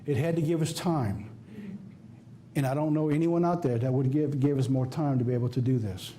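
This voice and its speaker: A man's voice: medium pitch, a little fast, mellow, slight background noise. A man with a Southern US accent preaching a sermon, emphatic and folksy, firing off rhetorical questions. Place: church office or studio.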